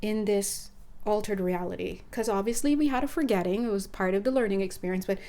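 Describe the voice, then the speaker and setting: In a casual spiritual monologue, a woman speaking as an intuitive counselor acts out conversations, animated and laughing often. Her voice is medium in pitch and fairly quick.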